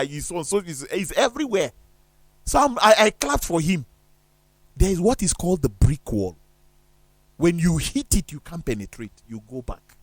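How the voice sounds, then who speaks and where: A man's voice: a little high, no echo. A man talking on a studio discussion show in an emphatic, preacherly way, firing off rhetorical questions.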